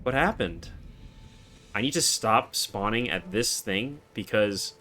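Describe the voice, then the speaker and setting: A man in his twenties streaming a game, chatting casually and answering chat in a relaxed, monotone way. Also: fairly low pitch, takes it slowly, slight background noise. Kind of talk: casual live-stream chat while gaming.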